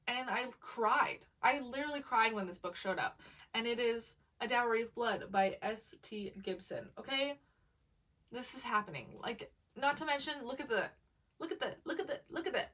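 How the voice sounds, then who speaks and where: A woman chatting to camera as a book vlogger, gushing and excitable, talking in a loose way with lots of fillers. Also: on the high side, distant mic, low-quality recording. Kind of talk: casual chat to camera.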